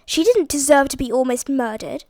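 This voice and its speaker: A bold, impatient schoolgirl who talks bluntly and scolds, as a woman reads her aloud. The voice pitches up high and is captured close and dry, storybook style. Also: lively intonation, normal speed, darkish tone, no echo. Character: bold, impatient teenage girl detective.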